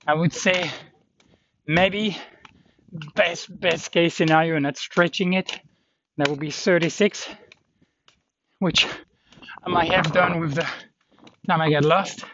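Man, slightly high voice, rambling walk-and-talk vlog outdoors, halting delivery, dull lo-fi sound with faint hiss. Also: fairly even intonation, a bit bright. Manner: rambling, halting, many fillers. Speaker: walking pilgrim vlogger. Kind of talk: casual walking vlog. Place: outdoors on a hilly trail.

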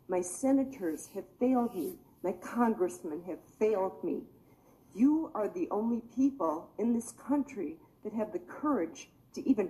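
A woman's voice: lowish voice, warm tone, poor audio. A woman giving emotional, pleading testimony at a public meeting, sounding tired. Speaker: public commenter.

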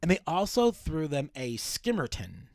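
A man's voice: fairly high pitch, huge pitch swings, moderate pace, a little mellow, no room sound. A man co-hosting a casual podcast, telling a history story in a chatty, joking way. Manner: chatty, jokey, self-deprecating narrator. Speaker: podcast co-host.

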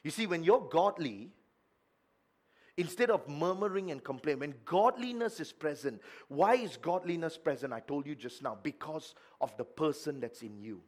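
A man's voice: fairly high pitch, expressive, normal speed, a little mellow. A male pastor preaching a midweek sermon, asking the congregation questions and stressing his points.

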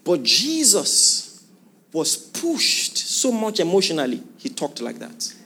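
A man's voice: high voice, wildly swooping pitch, slow pace, pushed and bright, husky. A man preaching a sermon to a congregation in a church hall, asking them rhetorical questions. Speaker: pastor.

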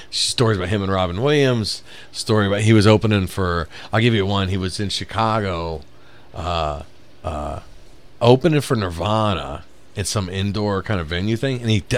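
A man casually telling a rambling, profane story on a podcast, laughing as he goes. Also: deep voice. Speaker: podcast host.

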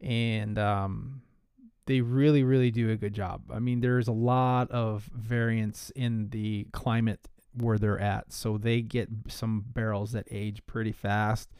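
Man, podcast host, rambling, slightly winded, smooth voice, dry sound. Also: fairly low pitch, flat delivery, slow, a little mellow, dry recording. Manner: rambling, with filler words and restarts. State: slightly out of breath. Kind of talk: casual podcast chat.

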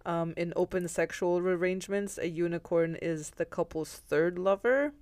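Low-voiced woman, halting and giggly. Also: a little mellow, no echo. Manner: halting, many fillers and restarts, giggly. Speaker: podcast co-host. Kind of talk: casual chat presenting researched notes.

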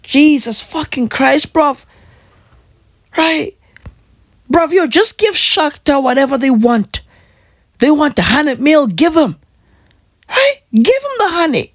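A woman's voice: high-pitched, big pitch swings, takes it slowly, pauses often, no echo, studio quality. A woman ranting casually as a football fan, slangy and repetitive, pleading over and over. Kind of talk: casual rant to camera.

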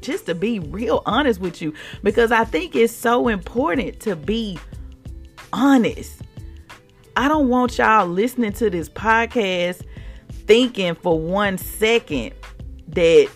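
Woman doing a faith podcast, gravelly voice, really expressive, soft music under it. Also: mid-range voice. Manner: animated, expressive, acts out quotes. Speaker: podcast host. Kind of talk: devotional faith podcast talk.

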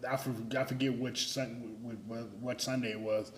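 A man's voice: medium pitch, moderate pace, slight background noise. Storytelling man in an echoey room. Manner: storytelling, animated, self-mocking. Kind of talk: casual faith talk.

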